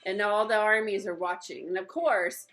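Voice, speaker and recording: Young woman, kids' Bible teacher, chatty and animated storyteller, mid pitch, faint music underneath. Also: normal speed, low-quality recording. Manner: lively, chatty, acts out characters' lines. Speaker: children's ministry teacher. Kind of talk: retelling a Bible story for kids. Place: at home.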